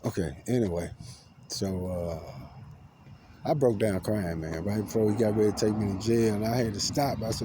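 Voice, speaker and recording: A man tells a rambling, profane, paranoid story outdoors, swinging between loud outbursts and low mutters. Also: moderate pace, slight background noise. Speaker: vlogger. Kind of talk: agitated personal storytelling to camera. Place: outdoors among trees.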